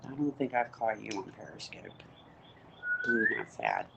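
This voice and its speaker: Over a noisy phone livestream, a middle-aged woman rambles casually, cussing freely and addressing her viewers directly. Her voice is rumbling low and a bit bright with vocal fry, its pitch swooping wildly at a measured pace.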